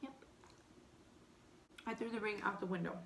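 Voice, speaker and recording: A young woman with a light Texan accent casually telling a personal story between bites, animated and candid, full of "like". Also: medium pitch, moderate pace, reverberant, slight background noise. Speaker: vlogger. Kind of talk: storytime eating show chat.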